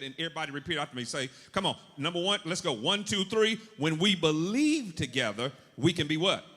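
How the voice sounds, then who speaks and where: A man preaching a sermon as pastor, with animated call-and-response. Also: on the high side. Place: church sanctuary. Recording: long reverb of a church hall.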